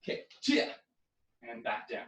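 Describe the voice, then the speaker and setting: Young male karate instructor, highish voice, coaching drills in an echoey living room off-mic. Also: lively intonation, brisk, far from the mic. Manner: coaching, counting drills with loud yells. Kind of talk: online exercise class.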